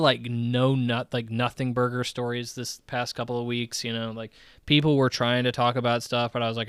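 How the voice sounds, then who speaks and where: A man's voice: mid-range voice, fairly bright tone, smooth, dry recording. Rambling male gaming podcast host. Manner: rambling, filler-heavy, many "um" and "like". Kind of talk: casual gaming-news commentary.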